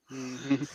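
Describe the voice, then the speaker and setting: A man's voice: medium pitch, a little mellow, slightly rough, no room sound. A man co-hosting a casual live stream, teasing his friend and reading out viewer comments. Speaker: co-host reading chat.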